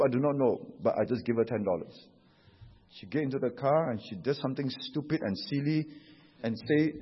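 A Singaporean pastor preaching a sermon, telling stories in an animated way and tagging his sentences with "huh?" and "you know". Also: mid-range voice, brisk, breathy edge. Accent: Singaporean English. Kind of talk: sermon with anecdotes. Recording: dull echoey hall recording.

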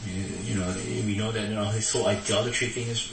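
A man's voice: moderate pace, few pauses, music in the background. A man preaching a sermon, acting out the quoted words in a raised voice. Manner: animated, acts out quotes with raised pitch. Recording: echoey hall from far off.

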